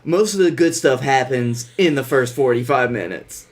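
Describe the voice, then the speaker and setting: A man co-hosting a podcast, recapping a movie in casual chat with a wry, deadpan manner. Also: mid-range voice, normal speed. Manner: wry, deadpan recaps with playful put-on voices. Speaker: podcast co-host.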